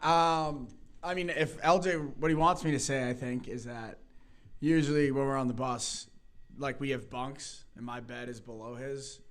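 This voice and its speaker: A man's voice: mid-range voice, fairly even intonation, normal speed. Laid-back man telling rambling stories. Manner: laid-back, rambling anecdotes with frequent laughs and fillers. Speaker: hockey player guest. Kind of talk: casual storytelling.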